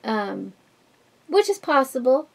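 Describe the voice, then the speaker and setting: A woman vlogger with a husky, smoky voice, chatting candidly at home while doing her makeup, rambling with many fillers and restarts. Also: high-pitched, sing-song, slow. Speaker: beauty vlogger. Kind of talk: casual get-ready-with-me chat.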